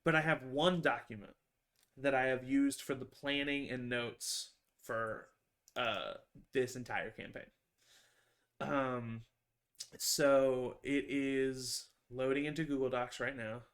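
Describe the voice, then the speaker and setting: A man's voice: medium pitch, fairly even intonation, takes it slowly, fairly bright tone. A man, a tabletop game master, chatting casually on a video call, rambling with many fillers and restarts.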